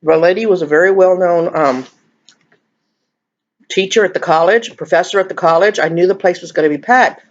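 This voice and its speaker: A woman's voice: lowish voice, moderate pace, lo-fi sound. A woman, chatting casually and emotionally in a rambling, confiding vlog while eating. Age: 50s. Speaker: vlogger.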